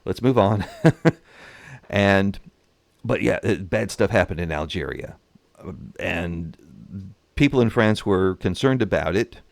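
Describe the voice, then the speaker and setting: A man with a lowish voice gives casual history commentary about a strategy game. He talks in an animated way and acts out nations in voices. The sound is close and dry. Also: takes it slowly, creaky, pauses often, dry recording.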